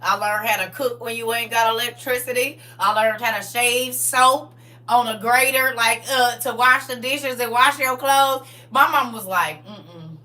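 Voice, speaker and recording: A woman of about forty telling stories from her past in a casual, animated way, full of slang and laughter. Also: fairly high pitch, normal speed, recorded from a distance. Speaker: livestream co-host. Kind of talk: casual storytelling chat.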